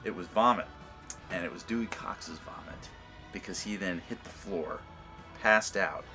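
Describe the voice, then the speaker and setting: A man telling a comic anecdote in an animated way. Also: sits low, unhurried, creaky, music in the background. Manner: animated storytelling with laughs.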